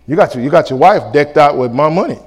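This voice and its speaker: A male pastor preaching a sermon, lively and colloquial, acting out back-and-forth dialogues. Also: fairly high pitch, fast, breathy edge. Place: church sanctuary. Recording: reverberant church hall.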